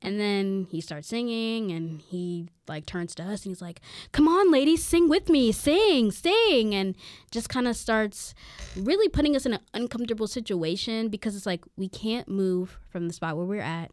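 A young adult woman co-hosting a podcast, telling a story in casual chat, animated and full of "like", acting out what people said. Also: mid-range voice, moderate pace, no echo, clean studio sound. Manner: animated, chatty, full of "like" and acted-out quotes. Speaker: podcast co-host.

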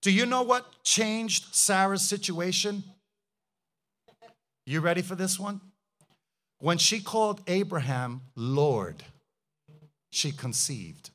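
A man's voice: sits high, lively intonation, slow pace, pauses often, a bit bright. A male pastor preaching a fervent sermon, firing rhetorical questions and hallelujahs.

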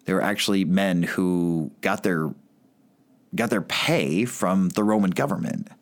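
Deep-voiced man preaching casually. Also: a little slow. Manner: conversational preaching with frequent "like" and restarts. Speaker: pastor. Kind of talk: sermon.

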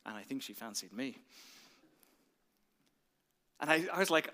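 Irish pastor guy, high bright voice, animated sermon, hushed then loud, big reverby church hall. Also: moderate pace, pauses often. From Ireland.

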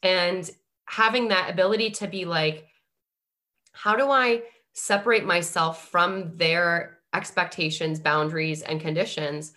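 A woman's voice: fairly low pitch, a little slow. A woman on a podcast musing about family and boundaries, with many "like"s and fillers. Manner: musing, heavy use of "like", animated when quoting. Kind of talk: reflective podcast conversation.

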